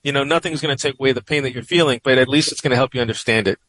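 A man with a New York accent quoting a calm, friendly New York man he met at a festival. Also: medium pitch, very fast, no room sound, close to an everyday voice, poor audio. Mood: reassuring.

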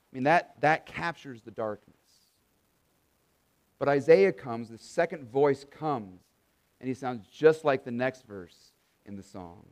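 A man's voice: on the high side, lively intonation, moderate pace. A male pastor preaching an earnest sermon, reading verses and rising to emphatic proclamation when quoting scripture and promises. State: tired.

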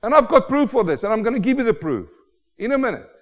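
A man's voice: very high voice, sing-song. Preacher man in a reverberant hall. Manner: dramatic swings from soft to loud, slows for emphasis. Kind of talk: sermon.

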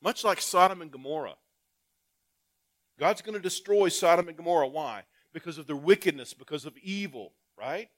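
A male pastor giving a sermon. He reads scripture aloud, asks the congregation rhetorical questions, and swings between loud emphatic calls and quiet asides. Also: fairly high pitch, expressive, normal speed.

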